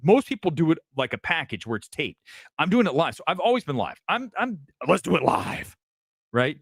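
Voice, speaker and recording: Lively, swearing male show host. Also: fairly high pitch, fairly quick, dry recording, clean studio sound. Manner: animated, swearing, jumps between topics. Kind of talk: casual live commentary show.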